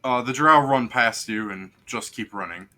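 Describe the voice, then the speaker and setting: A man's voice: mid-range voice, moderate pace, pushed and bright. A man acting as game master, narrating a tabletop game casually and rambling with lots of fillers.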